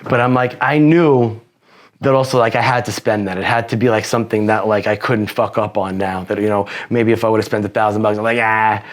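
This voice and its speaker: Guy with a lowish voice rambling thru his story, cursing nonstop, lots of "you know". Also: steady tone, fairly quick. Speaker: podcast guest. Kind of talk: casual storytelling.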